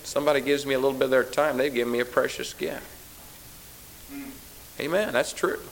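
A man's voice: mid-range voice, fairly even intonation, brisk, vocal fry, slight background noise, poor audio. A male pastor preaching a sermon to a church congregation. He sounds tired, drives points home by repeating phrases, and has a teasing, sarcastic edge.

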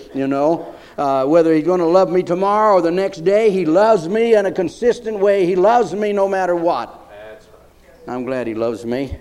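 A male pastor preaching a sermon, repeating phrases emphatically and rising into loud declarations. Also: fairly high pitch.

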